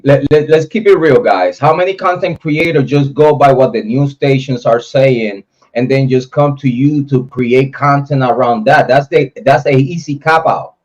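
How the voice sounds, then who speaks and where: A man with a lowish, slightly mellow voice runs a casual livestream, reading viewer comments and ranting about other content creators while talking right to his chat. The audio is dull and lo-fi.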